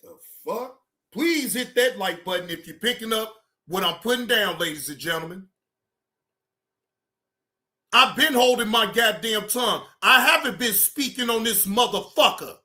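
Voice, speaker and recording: Male streamer, high-pitched and tense, swearing and venting, then reining it in. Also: normal speed. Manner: heated, repetitive, keeps telling himself to calm down. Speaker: livestream reaction host. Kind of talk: profane livestream rant.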